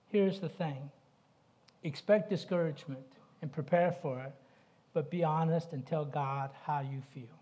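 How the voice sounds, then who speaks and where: Mellow-voiced middle-aged male pastor preaching. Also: on the high side, unhurried. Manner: conversational preaching, asks the congregation questions. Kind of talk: sermon.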